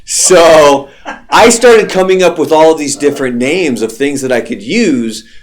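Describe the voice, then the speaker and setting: A man's voice: on the high side, expressive, a little slow. A young adult man, a radio host, telling stories in casual, profane chat. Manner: loose, profane storytelling.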